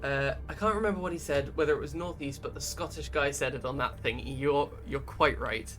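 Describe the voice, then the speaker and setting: A man's voice: medium pitch, brisk, fairly bright tone. A man giving rambling, casual commentary while streaming a game and reading out chat messages. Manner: chatty, rambling, reads chat aloud. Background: game music.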